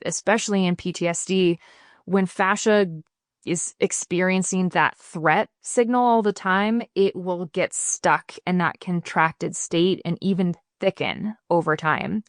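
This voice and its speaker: A woman's voice: fairly low pitch, a little slow, no echo, studio quality. A woman speaking as a podcast guest, explaining her bodywork practice in an earnest, casual way and acting out the people she quotes. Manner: earnest, explanatory, animated when quoting people. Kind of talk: casual interview talk.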